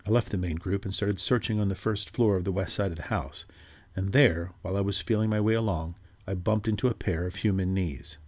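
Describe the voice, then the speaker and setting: A man reading a ghost story aloud in measured, steady narration. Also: sits low.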